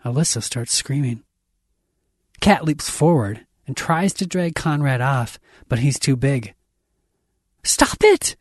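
Slow husky male story narrator. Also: medium pitch, no room sound, studio quality. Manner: intense, shifts voice for characters' shouts. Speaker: audiobook narrator. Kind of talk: dramatic fiction reading.

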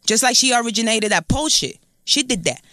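A Puerto Rican woman in her thirties talks quickly as an interview guest. She is blunt and profane, with a bright edge on every word and a dry, close sound. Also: fairly high pitch, lively intonation, no echo. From Puerto Rico. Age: 30s. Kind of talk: casual interview chat.

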